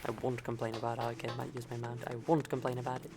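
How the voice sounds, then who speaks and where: A woman's voice: a bass voice, monotone, racing, music in the background. A young woman streamer giving casual commentary as she plays, chatty and muttering little asides, often repeating words.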